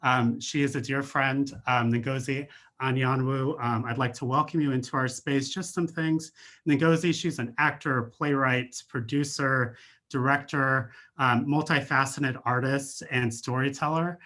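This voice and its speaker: A man's voice: medium pitch, fairly even intonation, measured pace, pushed and bright. A male professor hosting a speaker series, introducing the guest in a friendly way with many fillers, heard over a video call.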